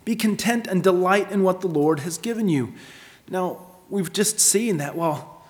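A man preaching with earnest, emphatic delivery, his somewhat high voice swelling on key points. The sound rings with the long reverb of a large hall. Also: a little slow. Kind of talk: sermon.

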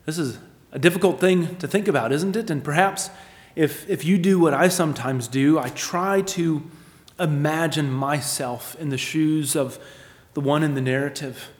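Pastor preaching in a reverberant hall. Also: male voice, on the high side, moderate pace, few pauses. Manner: rhetorical questions, swings from emphatic to hushed. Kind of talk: sermon.

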